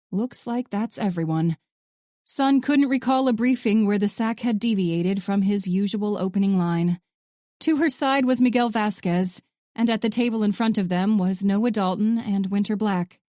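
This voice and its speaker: A woman narrating a thriller audiobook in a steady, sardonic storytelling voice. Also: medium pitch, dry recording, studio quality.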